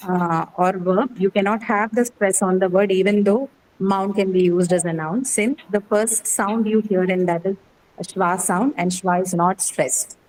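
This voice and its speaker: A woman's voice: medium pitch, unhurried, a little mellow, slight background noise, rough recording. A woman teaching pronunciation in an online class, patient and step by step, repeating words and asking "okay?". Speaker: English teacher.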